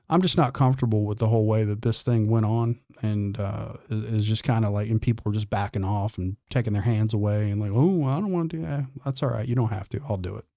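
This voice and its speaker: A gravelly, dark-toned man hosts a morning livestream, reading comments aloud in a blunt, profane, defiant way. He drawls and restarts his sentences, his lowish voice close and dry with no room sound.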